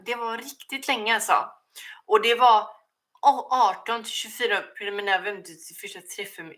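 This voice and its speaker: This female streamer has a mid-range voice that sounds pushed and bright. Originally from Sweden with Swedish as her first language, she chats casually, reads viewer questions out loud in a livestream Q&A, and keeps restarting her sentences.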